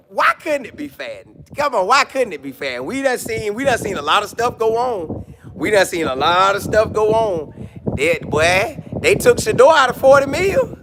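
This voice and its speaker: On a live stream, a man with a high voice chats casually, reading comments and riffing with jokes. He's animated, repeats lines, and slips into mock voices, with slight background noise present.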